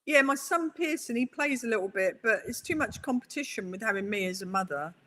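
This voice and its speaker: A woman's voice: a little high, brisk. Chatty middle-aged woman. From England. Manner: chatty, animated storytelling. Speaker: guest, pool player. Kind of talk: interview conversation.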